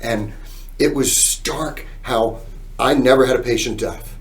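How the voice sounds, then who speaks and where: A man's voice: medium pitch, a little slow, far from the mic. A man with a New York accent, a guest on a talk show, telling his story earnestly and acting out what people said. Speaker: podcast guest, business owner. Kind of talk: casual interview talk.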